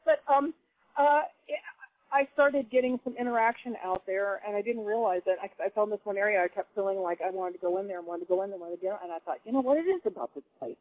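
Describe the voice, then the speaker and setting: Animated woman on a tinny phone line. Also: mid-range voice, fast, dry recording. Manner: animated, laughing storyteller. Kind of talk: casual storytelling.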